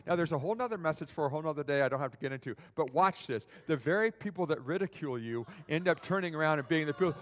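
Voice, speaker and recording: A male preacher delivers a sermon in a high, lively voice that leaps up and down. He keeps asking his listeners to answer back. His words trail into a long reverb in a large hall. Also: quick pace, hardly any pauses. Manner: animated, asks the audience questions.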